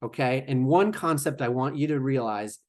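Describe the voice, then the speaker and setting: A man's voice: medium pitch, moderate pace. A man presenting a webinar lecture in a conversational way, with fillers and asides to the audience. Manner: conversational, with fillers and acted-out quotes. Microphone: remote webinar microphone.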